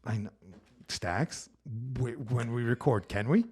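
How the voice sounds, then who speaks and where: A man's voice: mid-range voice, unhurried, husky. A man from Brooklyn hosting a casual comedy podcast, talking in a loose, swearing, restart-heavy way. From Brooklyn, New York. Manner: animated, swears freely, frequent restarts. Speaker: podcast host.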